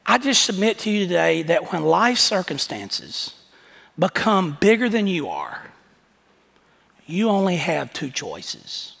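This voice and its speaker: A man's voice: high voice, sing-song, takes it slowly, vocal fry, a bit bright, breathy edge. A man preaching a sermon as pastor, with impassioned, folksy storytelling. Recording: echoey hall reverb.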